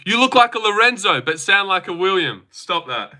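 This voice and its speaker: Young male streamer, casual chat, brash and profane, fairly high and very bright voice. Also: very animated, moderate pace. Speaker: livestream host. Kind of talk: casual livestream chat reading comments.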